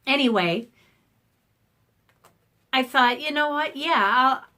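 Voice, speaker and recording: A middle-aged woman speaks straight to her camera in a casual personal vlog. Her voice is hoarse and keeps catching. She rambles emotionally, full of ums and restarts. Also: sits high, slow pace, bright, forceful tone. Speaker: art channel host. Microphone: camera facing the speaker.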